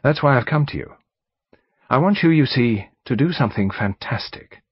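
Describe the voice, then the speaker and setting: Male reader doing a determined young woman, a bit husky, frank and hesitant, lively pitch, dull sound. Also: normal speed, no echo. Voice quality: faint agreeable huskiness. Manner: frank, earnest, slightly hesitant. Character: earnest young woman in her early twenties, determined. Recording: dull studio audiobook recording.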